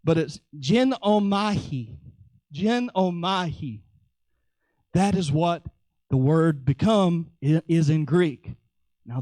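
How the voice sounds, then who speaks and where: A man preaching a sermon in a lively, joking way, acting out little voices as he teaches. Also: on the high side, no echo. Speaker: pastor.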